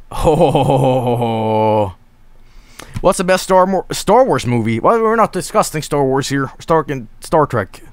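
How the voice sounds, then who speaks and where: A man streaming a space game, chatting casually, swearing and breaking into shouts when the fighting starts. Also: a little high, smooth, no echo. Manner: excitable, swearing, jumps to shouting in combat. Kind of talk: casual gameplay commentary.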